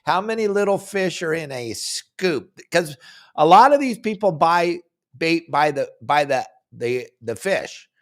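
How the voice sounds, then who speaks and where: A man's voice: a little high, expressive, a little slow, fairly bright tone. A man hosting a fishing podcast, telling stories animatedly with playful impressions. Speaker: podcast host. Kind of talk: casual chat.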